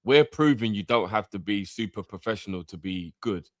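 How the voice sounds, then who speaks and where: A man with a fairly low voice, chatting loosely in street slang as co-host of a football channel. The sound is close and dry, with no room around it. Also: moderate pace, no echo. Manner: laid-back slang, animated when mocking critics. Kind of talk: casual chat.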